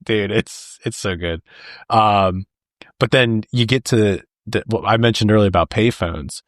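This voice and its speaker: A man's voice: fairly low pitch, a little slow, no room sound, clean studio sound. A man co-hosting a podcast, retelling movie scenes in casual chat and acting out the lines with laughs. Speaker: podcast co-host. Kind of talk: casual film discussion.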